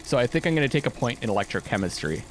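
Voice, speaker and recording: A man's voice: medium pitch, sing-song, rapid-fire, a little hiss or hum. A man hosting a let's play, casually commenting on the game and thinking aloud, often restarting his sentences.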